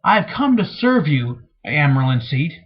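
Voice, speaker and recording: A man reading the lines of a formal, slow-spoken foreign woman offering her service, in a dull, lo-fi recording, with a husky voice. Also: a little high, sing-song, pitched below the performer's own voice.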